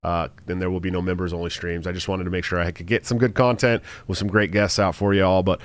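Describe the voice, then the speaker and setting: A man hosting a podcast, talking fast, profane and agitated in a casual chat while stoned. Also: low voice, little pitch movement, clear, resonant tone. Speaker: podcast host.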